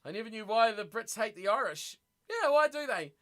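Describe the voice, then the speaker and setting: Man, high voice, bright and sharp tone, excitable live match reaction, chatty streamer. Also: moderate pace. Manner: excitable, chatty, reads viewer messages aloud. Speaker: streamer hosting a watch party.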